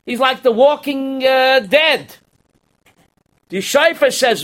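A man's voice: very high-pitched, expressive, slow, pauses often, a bit bright. A man giving a Torah class as a rabbi, quizzing his students and acting out parables.

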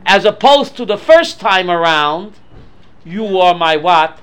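A man teaching a Bible class, quizzing his students with questions in an animated way. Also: sits high, slow, clear, resonant tone. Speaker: Torah teacher.

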